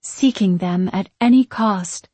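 A woman's voice: medium pitch, dark tone, slightly rough, no room sound. A woman voicing a mysterious unseen spirit who chants a rhyming spell. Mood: eerie. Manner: slow rhyming incantation.

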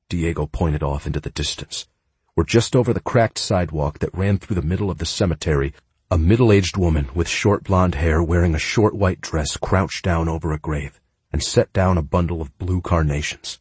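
A man's voice: deep voice, moderate pace, husky, no echo. A man narrating a first-person audiobook in a raw, emotive, earnest manner.

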